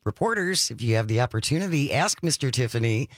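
Lively, dry-witted male co-host. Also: mid-range voice, fast talker, dry recording. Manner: dry, sarcastic remarks. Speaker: political talk show co-host. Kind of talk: opinionated political chat.

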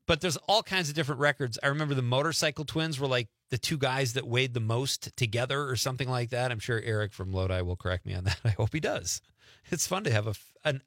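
A man's voice: medium pitch, bright, forceful tone, no room sound, clean studio sound. A man hosting a radio show in casual, joking chat, often laughing. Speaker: radio host.

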